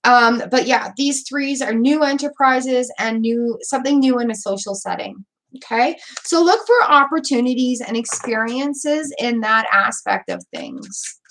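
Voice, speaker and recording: A woman's voice: on the high side, lively intonation, a little slow, fairly bright tone. A woman giving tarot card readings on a live stream, encouraging and chatty, repeating words and using fillers as she goes. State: hiccups. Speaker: tarot reader.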